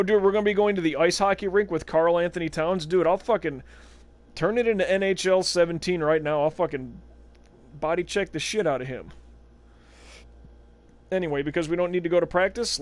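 A young man streaming a basketball video game, rambling in casual, sarcastic, profane commentary. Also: sits high. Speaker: gaming livestreamer. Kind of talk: casual let's-play commentary.

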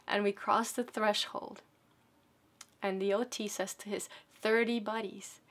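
Sex: woman. Pitch: mid-range. Style: dramatic storytelling speech. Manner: swings between loud bursts and hushed near-whispers. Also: flat delivery, normal speed. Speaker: storyteller sharing a personal story.

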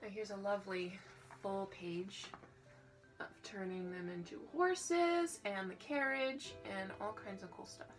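A woman reads a storybook aloud in a relaxed, casual way, at a medium pitch. Faint music plays behind her as she drops quick, joking asides between passages. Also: low-quality recording.

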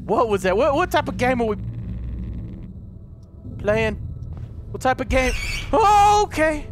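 Over horror game music and background noise, a let's-play host narrates his horror game in a very high, sing-song voice at a measured pace. Easily spooked, he swears and shrieks at scares.

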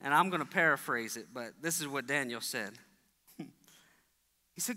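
A man's voice: lively intonation, normal speed, long pauses, sharp tone. A man preaching a sermon as pastor, telling stories and acting out the voices in them. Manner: storytelling, acts out voices with big pitch jumps. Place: church sanctuary. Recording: long church hall reverb.

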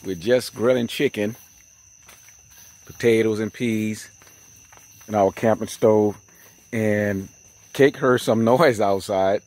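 A man, excitedly telling a camping story outdoors in a casual vlog. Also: fairly low pitch. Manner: excited, animated retelling with frequent laughs. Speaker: vlogger. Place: outdoor campsite.

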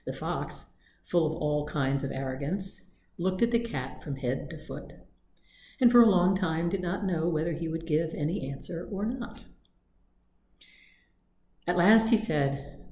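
Lady librarian reading fairy tales out loud, low warm voice, gentle steady pace, echoey room w faint background noise. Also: measured pace, long pauses. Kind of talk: storybook reading.

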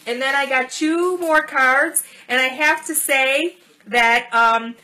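Bright-voiced woman gushing over gifts. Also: sits high, takes it slowly, rough recording. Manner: gushing, warm thanks over small gifts. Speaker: channel host. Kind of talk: casual gift-unboxing vlog.

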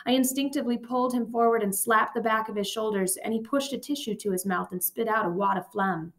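A woman reading a memoir aloud in a steady, measured, calm voice. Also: on the high side. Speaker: audiobook reader. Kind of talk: amateur audiobook reading.

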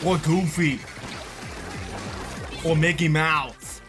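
A man's voice: fairly high pitch, slow, over music. A man giving live gameplay commentary, raging and cursing, rambling with many fillers. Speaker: gamer.

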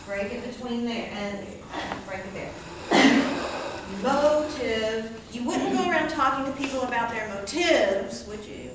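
A woman with a high voice teaches a class at an unhurried pace, patiently repeating each word and checking in with her students. She is recorded from the back of a classroom, so her voice comes from far off with strong echo. Steady room noise hums underneath. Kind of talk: classroom lecture.

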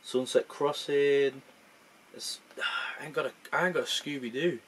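A man's voice: mid-range voice, fairly even intonation, a little slow, a bit bright, slight background noise. Young man rambling over gameplay. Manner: thinks aloud, rambling, self-mocking. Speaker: gaming channel host. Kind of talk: casual gameplay commentary.

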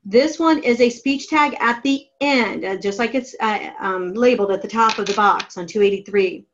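A woman writing teacher giving a classroom grammar lesson, dictating each step slowly and deliberately. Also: on the high side, highs cut off, a little hiss or hum. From United States. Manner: slow, deliberate dictation of steps.

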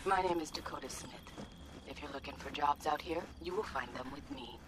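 An actress voicing a calm older woman fixer in a video game, speaking slowly and guardedly. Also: low voice, music in the background, lightly acted. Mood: measured.

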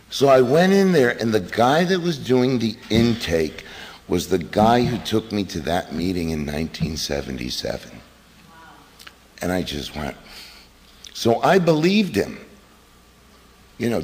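Lively middle-aged man telling his story. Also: fairly low pitch, unhurried, pauses often. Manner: animated storytelling with acted-out quotes and laughs. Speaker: recovery meeting speaker. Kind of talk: personal recovery talk at a meeting. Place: meeting hall. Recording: reverberant hall recording, faint noise.

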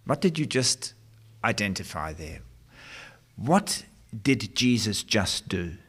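A male pastor delivers a sermon at a very slow pace. His pitch swings widely, and he uses long, dramatic pauses and rhetorical questions. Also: very animated, fairly bright tone, slightly rough.

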